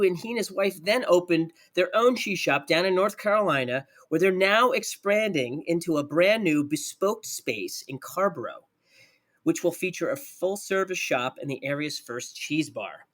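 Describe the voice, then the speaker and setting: A man's voice: high-pitched, animated, moderate pace, fairly bright tone. A man with a New Jersey accent hosting a casual interview podcast, talking in an enthusiastic, playful way. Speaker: podcast host.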